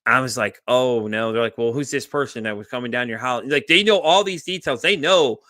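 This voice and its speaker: A man hosting a podcast, telling a story in casual chat with lively energy and frequent swearing. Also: mid-range voice, a little fast, dry recording, studio quality. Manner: animated storyteller, swears freely. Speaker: podcast host.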